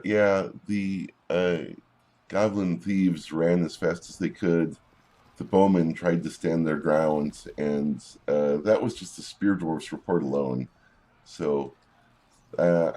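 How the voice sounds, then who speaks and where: A man's voice: very deep voice, warm tone, husky. A man giving casual gameplay commentary, reading in-game combat logs aloud with wry asides.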